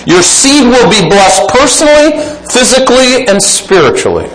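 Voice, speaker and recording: Male preacher, high lively voice, emphatic sermon delivery, roomy hall sound. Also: normal speed. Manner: emphatic, swings between loud exclaiming and quiet asides.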